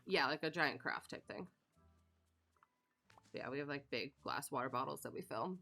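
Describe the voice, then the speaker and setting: A woman's voice: a bass voice, animated, normal speed, gravelly, pushed and bright, soft background music. A woman streamer chatting casually while she plays a game, rambling with lots of fillers and laughs. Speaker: live streamer. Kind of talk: casual chat while gaming.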